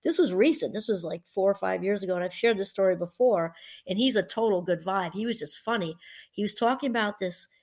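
A woman's voice: medium pitch, fairly quick, a little mellow. Chatty woman giving a motivational talk. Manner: chatty, rambling, laughs while telling stories. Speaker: professor and podcast host.

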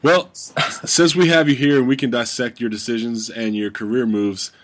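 A man's voice: medium pitch, fairly even intonation, normal speed. A man hosting a podcast, loose and joking, swearing casually as he asks questions. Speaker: podcast host. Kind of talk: casual chat.

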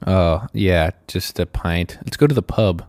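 A man's voice: sits low, measured pace, a little mellow, no room sound. A man co-hosting a podcast, rambling casually with lots of fillers and goofy asides. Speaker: podcast co-host. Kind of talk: casual chat.

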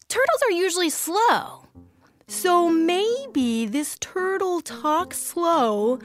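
A woman contestant thinking aloud in a casual, musing way. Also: very high voice. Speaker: game contestant. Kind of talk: casual improv chat.

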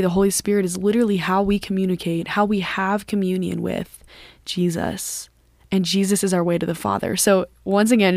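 A woman's voice: lowish voice, vocal fry, a little mellow, no room sound. Female host, earnest conversational devotional teaching, dry close-miked read. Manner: earnest and conversational, with frequent "like" and "literally". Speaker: podcast host.

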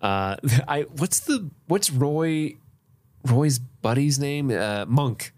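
A man's voice: mid-range voice, animated, slow, darkish tone. A man co-hosting a casual movie-review podcast, laid-back and swearing freely, with frequent laughter. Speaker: podcast co-host.

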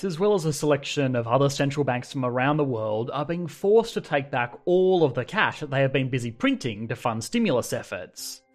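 Australian man, animated pitch, conversational explainer narration, faint music underneath. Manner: lively, conversational, emphatic delivery. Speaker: finance explainer host. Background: faint background music.

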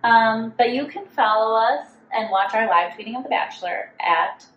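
A young woman co-hosting a podcast, recapping a TV show in casual chat with blunt, quick reactions. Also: on the high side, lo-fi sound. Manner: blunt, quick reactions, reads out sign-off plugs. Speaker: podcast co-host. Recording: echoey room with faint noise.

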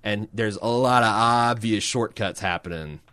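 A man's voice: fairly low pitch, moderate pace, bright, forceful tone, no echo. A man co-hosting a podcast, reading listener emails aloud in casual, joking banter and tripping over names.

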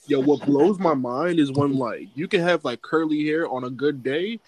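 Animated young man telling stories. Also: fairly high pitch, moderate pace, no echo. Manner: animated storyteller, acts out quotes. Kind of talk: casual chat.

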